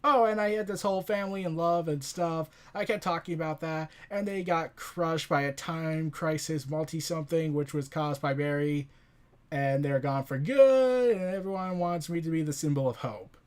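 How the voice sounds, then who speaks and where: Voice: medium pitch, normal speed, clean tone, lightly acted. A comic reviewer voicing a bitter young male superhero who runs through his woes sarcastically. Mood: sarcastic.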